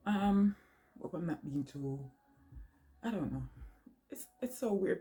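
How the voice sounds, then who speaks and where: Woman, low voice, tearful, halting, emotional vlog talk. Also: a little mellow. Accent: New York. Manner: halting, emotional, many pauses and fillers. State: tearful, crying. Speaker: vlogger. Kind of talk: personal vlog confession.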